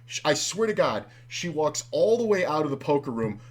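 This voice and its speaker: A man in his forties hosting a podcast, telling a story in a casual, profane, animated way and acting out the dialogue. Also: fairly high pitch, moderate pace. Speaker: podcast host.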